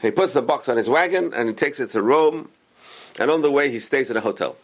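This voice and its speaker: A man's voice: medium pitch, fast talker. A man telling a religious story with a moral lesson, acting out the characters' lines. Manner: animated, acts out characters' lines.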